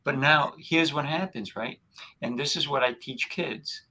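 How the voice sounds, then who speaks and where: Male co-host, life coach, husky voice, calm teacher manner. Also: medium pitch, measured pace, poor audio. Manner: calm, teacherly, acts out dialogue. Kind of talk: casual spiritual chat.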